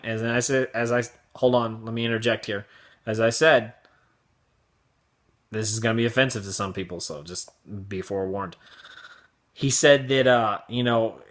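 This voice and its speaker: Bright-voiced man ranting casually. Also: mid-range voice. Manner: profane, sarcastic, mocks others in raised voices. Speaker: vlog host. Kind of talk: casual opinion rant.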